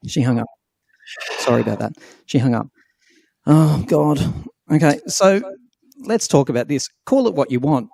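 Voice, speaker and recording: A man's voice: medium pitch, lively intonation, moderate pace, vocal fry, long pauses, warm tone, dry recording. A man hosting a podcast, chatting casually and teasing his co-hosts in a playful way. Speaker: podcast host. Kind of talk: casual chat.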